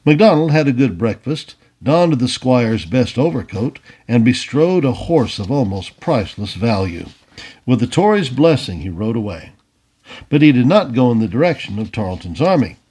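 Husky-voiced man reading a storybook aloud. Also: medium pitch, normal speed. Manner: expressive, animated reading. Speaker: audiobook reader. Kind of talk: storybook narration.

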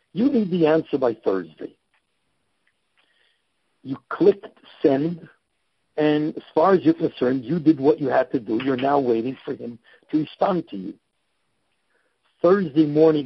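Emphatic husky man coaching. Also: fairly high pitch, no echo, lo-fi sound. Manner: emphatic, instructive, repeats key points. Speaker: guest, time management coach. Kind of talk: podcast interview.

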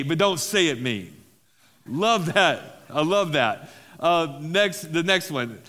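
A man's voice: a little high, sharp tone, in a large hall. A man preaching as a pastor at a recovery-group meeting, talking casually, repeating key phrases and making self-deprecating asides. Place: church hall.

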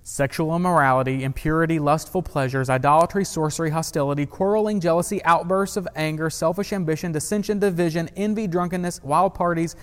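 A man's voice: fairly high pitch, fairly quick, hardly any pauses, smooth, big-room sound. A man preaching a sermon in a conversational way, with humor and questions to the congregation. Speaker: pastor.

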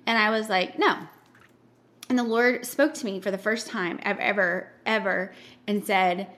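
A woman's voice: medium pitch, moderate pace, fairly bright tone. A woman hosting a casual chat, talking in a chatty way and sharing her own story. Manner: chatty, many "like" fillers.

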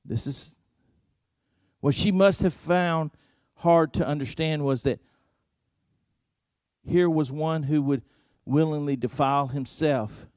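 Guy preaching a sermon, dry close sound, earnest, goes quiet then loud. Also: a little high, fairly even intonation, slow, no room sound. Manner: earnest, shifts from loud emphasis to hushed intimate passages. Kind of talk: storytelling sermon.

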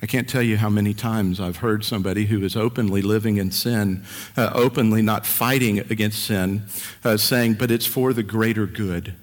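Male preacher, earnest and questioning, fairly low voice, echoing hall. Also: steady tone, moderate pace. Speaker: pastor. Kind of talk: sermon. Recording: echoey church hall.

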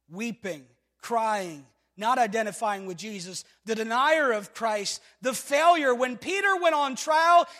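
High-voiced man preaching in echoing church. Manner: preaching with sudden swings from shouting to near-hushed tones; repetitive rhetorical calls to the congregation. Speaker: pastor. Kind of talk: sermon. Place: church sanctuary. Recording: long hall reverb from a church.

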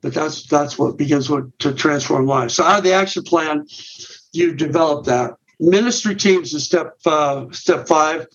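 A middle-aged man explains a ministry plan point by point in a podcast interview. His voice sits a bit high and he restarts and repeats words as he goes. The recording sounds dull and muffled. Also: normal speed, fairly bright tone. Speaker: guest, men's ministry director.

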